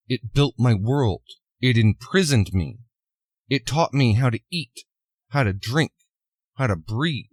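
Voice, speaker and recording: A man voicing a calm, solemn masked male vigilante, speaking in a measured, earnest way. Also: mid-range voice, no room sound.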